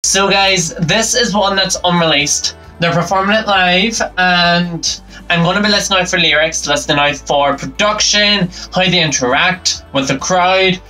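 A man's voice: sits high, normal speed, poor audio. Enthusiastic man reacting over music. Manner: upbeat, enthusiastic commentary. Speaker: reaction channel host. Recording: concert music playing loud behind.

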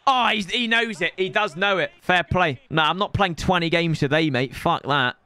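A man's voice: high-pitched, normal speed, pushed and bright, clear, resonant tone, no room sound. A man, commentating his own game on a live stream in an exasperated, ranting way.

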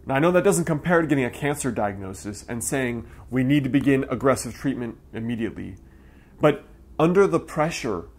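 A man, the acupuncturist who hosts the channel, giving an earnest and emphatic talk straight to camera. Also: medium pitch. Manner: earnest, emphatic, acts out quoted voices.

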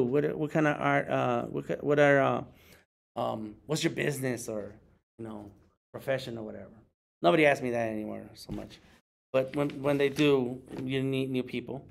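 Gravelly man giving a casual workshop talk. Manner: conversational, acts out others in high jokey voices. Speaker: working artist leading a meetup talk.

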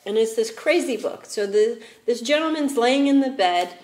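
A woman talking as a spiritual advisor guest, animated and laughing often as she explains. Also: a little high, normal speed, echoey room. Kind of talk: casual chat.

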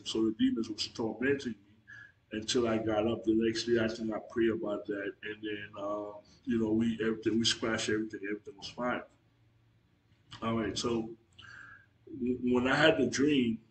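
A man giving an earnest, halting religious testimony to the camera, repeating himself and restarting his sentences. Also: medium pitch, slight background noise. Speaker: Christian video testifier. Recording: echoey room.

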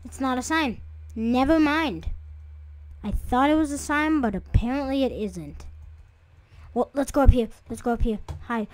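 The voice is high-pitched, at a moderate pace with long pauses, and the recording is dry. She's a young gaming video creator giving chatty let's-play commentary, talking to viewers as she plays and jumping into startled squeals.

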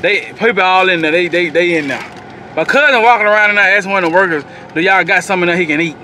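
A man's voice: high-pitched, fast. A man, chatting casually to the camera as a family vlogger, telling stories to his viewers. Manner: animated, laughing storyteller addressing viewers as y'all. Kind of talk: casual vlog chat to camera. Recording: noisy background.

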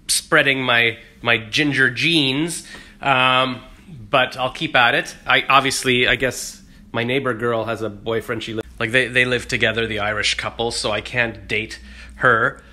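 A man's voice: medium pitch, fairly even intonation, a little slow, pushed and bright. A man rambling through a jokey, self-deprecating casual vlog. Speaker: vlogger.

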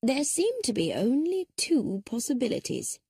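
A woman performs an elderly spinster sleuth for an audiobook, gentle yet sharp-witted, using a full character voice pitched above her own. It's high and warm with a slight roughness, wildly swooping in pitch at a moderate pace. She sounds mild, polite and gentle as she carefully reasons things through, recorded cleanly in a studio with no echo.

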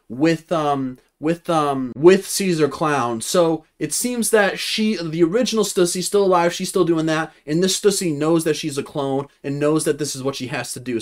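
A young man reviewing a manga chapter in casual commentary, rambling with lots of fillers and restarts. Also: a little high. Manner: rambling, many fillers and restarts, reads character lines flatly.

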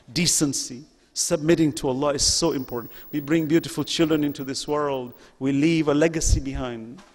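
A man giving an emotional religious lecture, building to loud questions and sinking to hushed, near-whispered passages. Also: a little high, in a large hall.

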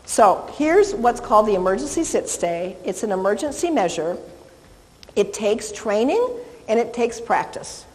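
A woman dog trainer teaching a live class, chatty and animated, cooing softly when she praises a dog. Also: on the high side, measured pace. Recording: long hall reverb.

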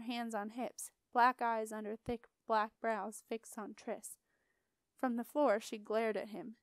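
Woman reading a storybook aloud, smooth and clear. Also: a little high, no room sound. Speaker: audiobook narrator. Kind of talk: storybook narration.

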